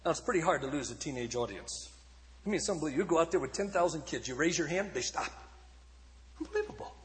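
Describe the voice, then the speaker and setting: A male evangelist tells stories from the pulpit, his high voice leaping and dipping with lively swings. He booms in some stretches and drops near a whisper in others. The sound rings with a long hall reverb. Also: fast talker. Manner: dramatic, shifting from shouts to hushed tones. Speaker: evangelist speaker. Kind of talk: sermon storytelling.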